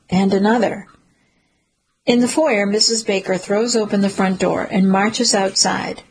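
A woman narrating a first-person suspense story in a steady, measured storytelling manner. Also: medium pitch, creaky, husky, rough recording. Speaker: audiobook narrator.

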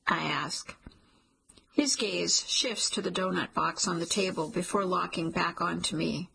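Husky woman narrating a romance audiobook. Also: on the low side, normal speed, pushed and bright, rough recording. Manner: intimate, emotional storytelling. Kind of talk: first-person audiobook narration.

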